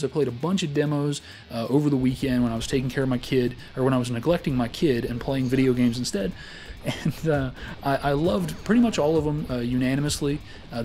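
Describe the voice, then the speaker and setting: A man's voice: mid-range voice, darkish tone. A man hosting a casual weekly gaming round-up, rambling and joking with lots of filler words. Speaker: gaming show host.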